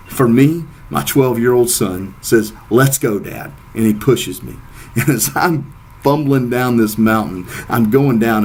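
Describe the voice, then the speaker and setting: A man's voice: medium pitch, husky. A middle-aged man giving a descriptive speech, telling a story and laughing at himself. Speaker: speaker.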